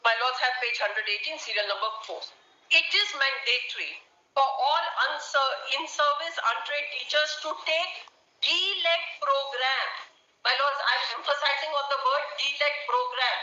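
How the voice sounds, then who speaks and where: A woman's voice: high voice, normal speed, pushed and bright. A woman arguing a case in court, formally addressing the bench. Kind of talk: courtroom legal argument. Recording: echoey lo-fi courtroom audio.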